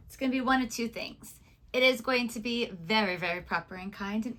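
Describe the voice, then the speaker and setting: A woman co-hosting a reaction video in casual chat, animated and playful with sound effects. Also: a little high, brisk. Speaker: reaction channel co-host.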